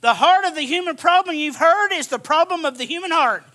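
A man preaching a sermon, emphatic and repetitive, swinging from hushed asides to shouted lines. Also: very high voice, expressive, a little fast.

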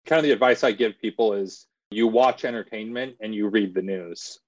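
A journalist guest in a casual interview, a man explaining his views in a measured way. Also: fairly low pitch, no echo, highs cut off.

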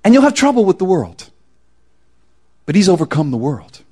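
A male pastor preaches a sermon in a relaxed, conversational style peppered with casual slang, at a moderate pace and in a husky voice. His fairly high voice moves a great deal, sinking to near whispers and then rising again for loud emphasis in an animated delivery.

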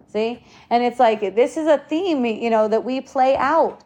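A woman's voice: a little high, moderate pace, hardly any pauses, a little mellow. A woman giving earnest spiritual advice in casual talk, swearing now and then.

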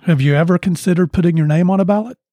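A man interviewing a guest, asking measured, probing questions. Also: sits high, mellow, no echo. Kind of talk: interview conversation.

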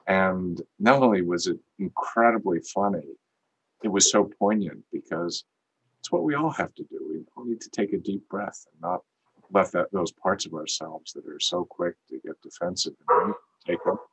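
A man's voice: sits low, normal speed, husky, low-quality recording. A man co-hosting a podcast, telling a story in an earnest, reflective way. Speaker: podcast co-host. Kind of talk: casual conversation.

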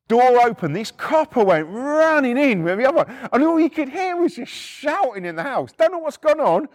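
A man's voice: very animated, fairly quick, few pauses, no echo, clean studio sound. A middle-aged man, telling stories in a blunt, swearing manner and acting out the quotes. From United Kingdom. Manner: blunt, swearing, acts out quotes with shifts in pitch. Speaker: podcast storyteller. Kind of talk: casual first-person storytelling.

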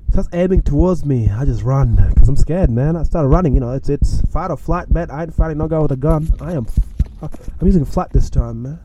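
A young man from Australia telling a frightening personal story in a casual, animated way, often ending phrases with "man". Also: fairly high pitch, fast, hardly any pauses, dull audio, noisy background. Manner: animated, self-mocking, acts out his own panic; repeats lines and ends phrases with "man". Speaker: podcast storyteller.

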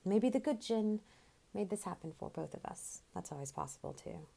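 Woman telling a story in an animated way. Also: fairly low pitch, normal speed, gravelly, a little hiss or hum. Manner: conversational, animated storytelling, casual swearing. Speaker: storyteller in a dramatic monologue. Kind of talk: theatrical monologue.

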